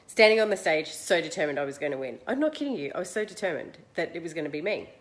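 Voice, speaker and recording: A woman's voice: low voice, quick pace. Chatty Australian woman telling a story. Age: 40s. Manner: chatty, self-mocking, animated. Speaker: host. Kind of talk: casual personal storytelling.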